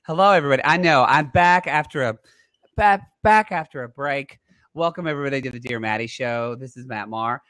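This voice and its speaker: A man's voice: medium pitch, brisk, a bit bright, no room sound, studio quality. A man in his thirties hosting a podcast, chatting casually and telling rambling stories full of fillers. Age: 30s. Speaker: podcast host. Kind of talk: casual chat.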